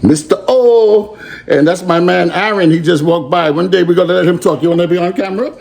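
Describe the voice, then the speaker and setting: A man's voice: sits high, a little fast, gravelly, darkish tone. A man hosting a playful home cooking show in his kitchen, talking in a silly, sing-song way. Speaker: cooking show host and teacher.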